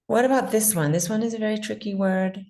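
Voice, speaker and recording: A woman teaching pronunciation in an online class, patiently modeling words slowly and repeating them. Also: medium pitch, mellow.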